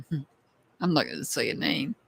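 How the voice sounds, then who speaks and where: Slow-talking woman chatting on a live stream. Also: extremely low pitch, big pitch swings, gravelly, noisy background. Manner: chatty, calls out viewers by name and thanks them. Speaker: tarot reader hosting a live stream. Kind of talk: casual live-stream chat with viewers.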